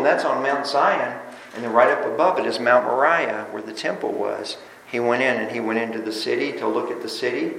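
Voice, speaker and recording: A man preaching a sermon in a church, animated, swinging between loud bursts and quiet asides and often repeating words as he restarts. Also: mid-range voice, gravelly, slight background noise. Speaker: pastor. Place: church sanctuary. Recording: roomy echo.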